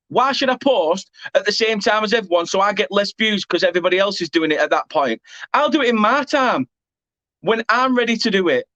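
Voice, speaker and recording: A man's voice: high-pitched, fairly bright tone, dry recording, poor audio. A man with an English accent who hosts a football fan channel, ranting angrily and swearing while repeatedly apologising. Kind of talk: angry rant to camera.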